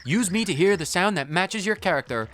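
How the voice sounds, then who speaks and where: A player voicing a grandiose, poetic musical pixel creature in a video game, slow and declamatory. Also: mid-range voice, animated, a bit bright, soft background music, close to an everyday voice. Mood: mystical. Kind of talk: reading game dialogue in voices.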